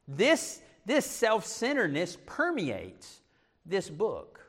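A man's voice: fairly high pitch, normal speed. Middle-aged pastor guy giving a sermon, jokey asides, bouncy up-and-down delivery. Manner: animated preaching with self-deprecating asides.

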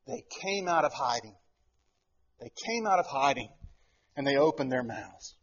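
A middle-aged man preaching a sermon as pastor, telling a family story with animated, acted-out quotes. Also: mid-range voice, normal speed, husky, highs cut off.

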